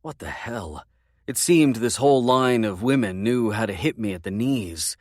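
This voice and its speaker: A man narrating a first-person romance audiobook in a measured, intimate way. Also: mid-range voice, animated, no echo, clean studio sound.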